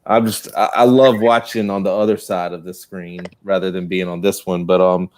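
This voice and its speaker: A man with a Southern American accent, chatting as a guest on a video call in a slow, easy drawl and laughing often. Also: low-pitched, level tone. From United States. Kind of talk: casual chat.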